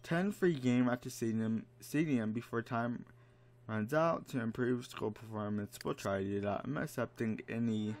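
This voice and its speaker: A let's play gamer comments casually on a life-sim game in a medium-pitched, slightly mellow voice at a normal pace. Dramatic and fed up, he mock-scolds the characters. He's on a desk microphone, with slight background noise.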